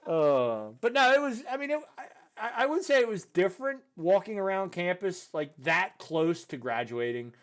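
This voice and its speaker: A young man hosting a podcast, telling a story in loose casual chat and jumping his voice up high when he quotes people. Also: normal speed, few pauses. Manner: animated, voice jumps high when quoting people; loose, filler-heavy talk with "dude" and "you know". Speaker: podcast host.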